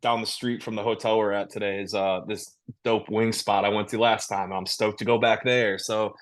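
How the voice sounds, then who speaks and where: A man's voice: fairly low pitch, little pitch movement, normal speed. A man, a touring metal musician, talking casually in an interview over a video call, rambling with restarts and easy laughs. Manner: laid-back, rambling with many restarts and laughs.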